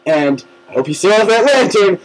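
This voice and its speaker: A man's voice: high voice, very animated, moderate pace. A young man making up a goofy, rambling story with a friend. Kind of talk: improvised joking storytelling. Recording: loud mic noise, crackly home recording.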